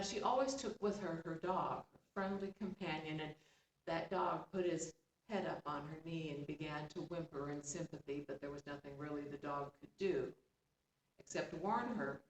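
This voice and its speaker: A woman tells a folktale in an expressive voice that sits a little low, turning now and then to chat with her listeners. She is heard from a distance in a roomy space, with a faint hum of ambience behind her. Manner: expressive, with chatty asides to listeners. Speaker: storyteller. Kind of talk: oral folktale storytelling.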